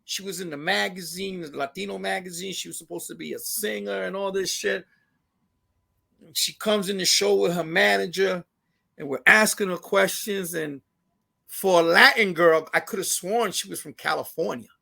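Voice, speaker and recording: Animated Puerto Rican New Yorker, gravelly. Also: male voice, high voice, moderate pace. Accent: New York Puerto Rican. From Puerto Rican from New York. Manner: animated, profane, mixes Spanish phrases, acts out voices. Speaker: comedian and radio host, guest. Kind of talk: casual interview storytelling.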